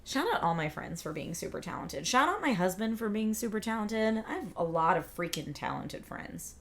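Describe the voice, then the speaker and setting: Her voice is medium in pitch with big swings, moving at a moderate pace. She's a livestream host who chats casually and reads out viewer comments, upbeat and rambling.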